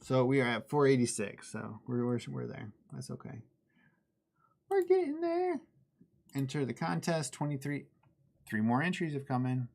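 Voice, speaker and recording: A man's voice: mid-range voice, fairly even intonation, moderate pace, creaky. A man hosting a live miniature-painting stream, chatting casually and laughing at himself while he works. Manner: chatty, self-deprecating, laughs easily.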